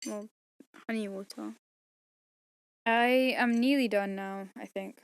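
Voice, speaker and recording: A woman's voice: mid-range voice, steady tone, slow pace, creaky, clear, resonant tone, no room sound. A tired woman chatting casually to herself while recording an audiobook at home, rambling and joking between takes. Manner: tired, rambling, self-mocking. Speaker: audiobook reader recording outtakes. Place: home room.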